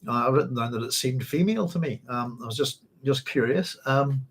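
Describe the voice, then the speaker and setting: Husky Northern Irish man, rambling. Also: mid-range voice, fairly bright tone. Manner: rambling, halting, with frequent ums and self-corrections. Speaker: book club host. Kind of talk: casual book discussion and reading aloud.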